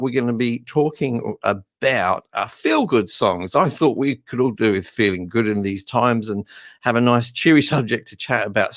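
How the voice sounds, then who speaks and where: A man's voice: mid-range voice, no echo, clean studio sound. A man hosting a live stream with an English-tinged Australian accent, talking in a casual, rambling, self-deprecating way. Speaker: host.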